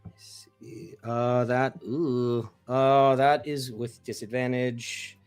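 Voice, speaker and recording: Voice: medium pitch, fairly even intonation, takes it slowly, a little mellow, smooth, faint music behind. A player in a tabletop game who speaks hesitantly, repeats words and slips in and out of character. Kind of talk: tabletop role-play, in and out of character.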